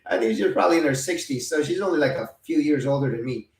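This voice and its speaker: A man in his fifties tells a story in a lively, offhand way, laughing, swearing and acting out the other people in it. His voice sits a little high for a man. It is picked up from a distance, with a lot of room echo. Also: quick pace. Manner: animated, laughing, cursing, acting out both sides of arguments. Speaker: retired vlogger. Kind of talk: casual storytelling. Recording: roomy, mic set at a distance.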